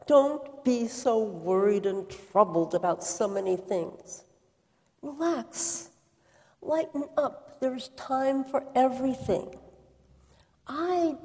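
A woman voicing a calm, gentle male teacher, speaking softly and soothingly. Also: sits high, pitched above the performer's own voice. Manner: soft, soothing, quiet. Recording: reverberant hall.

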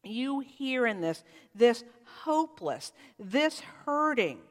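In a large hall, a woman pastor with a slightly high voice preaches slowly. Her sermon is heartfelt and reflective, some phrases emphasized and others allowed to drop quiet.

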